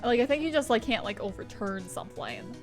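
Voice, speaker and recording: A woman's voice: a little high, animated, brisk. A young woman streaming a game, chatting casually in a rambling, filler-heavy way and laughing often, with faint game music behind her. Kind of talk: casual gameplay commentary, reading game text aloud.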